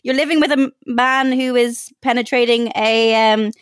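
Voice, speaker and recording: A woman with an Irish accent interviewing a guest in a warm, encouraging, chatty way. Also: fairly high pitch, steady tone, normal speed, clear, resonant tone, no room sound, studio quality. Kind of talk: casual interview chat.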